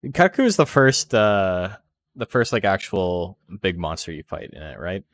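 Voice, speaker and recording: A man's voice: deep voice, big pitch swings, unhurried, no echo. A man giving loose, joking live-stream commentary on a game, rambling with lots of "like" and swearing freely. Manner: rambling, heavy use of "like". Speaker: tournament commentator.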